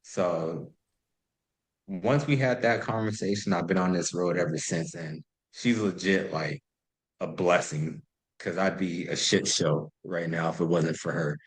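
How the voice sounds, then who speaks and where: Low-voiced man telling a casual story. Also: unhurried, rough recording. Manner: loose and profane, heavy use of "like". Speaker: podcast guest.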